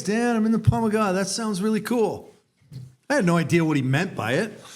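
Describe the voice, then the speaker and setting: A man co-hosting a recovery podcast, telling a personal story in an earnest, casual way and acting out the people he quotes. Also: on the high side. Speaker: podcast co-host.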